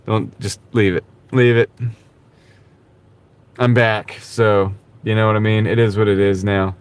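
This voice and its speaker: A man with a slightly low voice talks casually to his live-stream viewers from the driver's seat. He rambles in a laid-back way and drops "dude" here and there. He is recorded on a small clip-on mic. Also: level tone, a little slow, smooth. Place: in a car while gig driving. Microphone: wireless clip-on mic.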